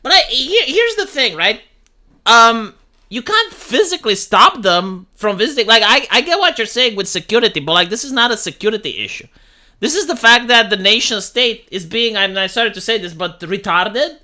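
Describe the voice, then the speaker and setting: A man's voice: high voice, very animated, moderate pace, sharp tone. A man hosting a casual livestream, reading news aloud and riffing bluntly with plenty of swearing. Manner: blunt, profane, reads news aloud and riffs. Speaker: livestream host.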